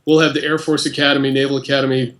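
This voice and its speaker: Man, interview guest, relaxed chatty tone, mid pitch, echoey room. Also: very fast, slight background noise. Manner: relaxed, conversational with fillers. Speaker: interview guest, company president. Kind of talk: casual interview chat.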